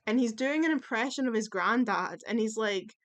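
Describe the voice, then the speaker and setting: A woman's voice: on the high side, lively intonation, moderate pace. A woman talking casually in a tier-list video, chatty and opinionated, with plenty of fillers and the odd swear word. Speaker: YouTube commentator.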